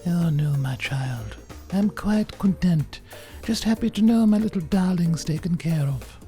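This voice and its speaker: A man voicing an older mother of a huntress, cooing in a high, slow falsetto. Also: animated, mellow. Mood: doting. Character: older Russian mother of a huntress, doting, grim. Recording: music playing behind.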